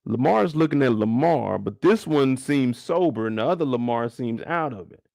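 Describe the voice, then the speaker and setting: A young man hosting a casual livestream recap, animated and profane, often leaping into high exclamations. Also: normal speed, vocal fry, dry recording, clean studio sound. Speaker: show host.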